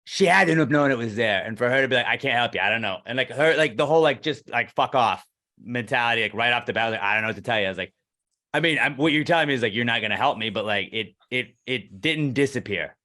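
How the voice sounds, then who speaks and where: A man's voice: mid-range voice, fast talker, bright, forceful tone. A man co-hosting a podcast, telling a story in casual chat, acting out the other people's lines and swearing freely. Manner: ranting, acts out quoted dialogue, swears freely. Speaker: podcast co-host.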